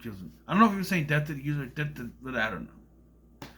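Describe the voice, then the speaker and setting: Man, casual movie review, rambling, lively pitch, bright tone, acts out quotes. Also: fast, a little hiss or hum. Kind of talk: casual film review monologue.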